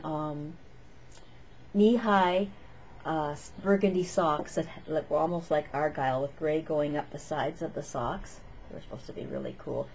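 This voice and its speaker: A woman's voice: sits low, warm tone, a little hiss or hum, low-quality recording. A woman telling a story in a casual vlog, chatty and meandering, full of "like" and "um".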